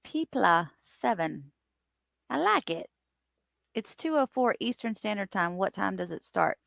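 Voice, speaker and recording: A woman hosting a casual live stream, chatting and greeting her viewers by name in an animated way. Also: unhurried, creaky, no echo, clean studio sound. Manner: animated, lively swings in pitch and loudness.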